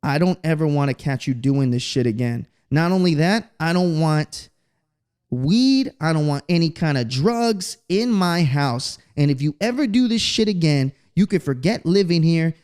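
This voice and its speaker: A man quoting his stern, angry father in a story, threatening and yelling. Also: fairly high pitch, lively intonation, normal speed, clear, resonant tone, natural voice.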